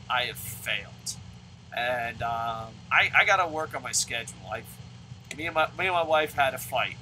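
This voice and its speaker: A man in his thirties commentating his own video game play at home, excitable and swearing, shouting at the game between rambling talk about his goals. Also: medium pitch, slight background noise, poor audio. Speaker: gaming video host.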